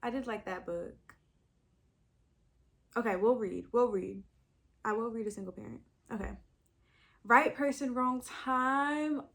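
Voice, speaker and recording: A woman's voice: a little high, unhurried, vocal fry, pauses often, fairly bright tone. Chatty young woman thinking aloud. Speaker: book vlogger. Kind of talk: casual chat.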